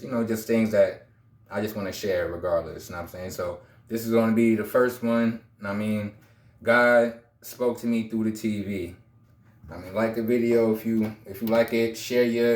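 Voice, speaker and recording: A man's voice: fairly low pitch, a little mellow. Rambling man in his thirties, roomy echo. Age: 30s. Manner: rambling, repeats himself, street slang. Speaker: vlogger. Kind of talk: casual storytelling.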